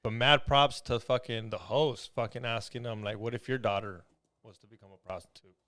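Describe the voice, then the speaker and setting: A man co-hosting a podcast, joking around in relaxed, slangy casual chat. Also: medium pitch, a little fast. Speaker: podcast co-host.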